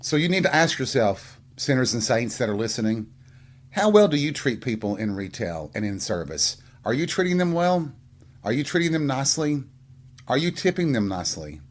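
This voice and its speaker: A man's voice: medium pitch, sing-song, normal speed. A man hosting a casual solo podcast, telling stories in a sassy, blunt, profane way. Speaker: podcast host.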